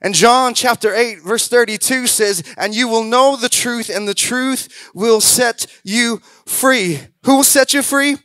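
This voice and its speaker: A man preaches in a high, lively voice, shifting into quoted voices and then building to loud exhortations. The sound is close and dry, with almost no room around him. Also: takes it slowly, few pauses, clear, resonant tone, dry recording. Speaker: pastor. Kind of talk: sermon.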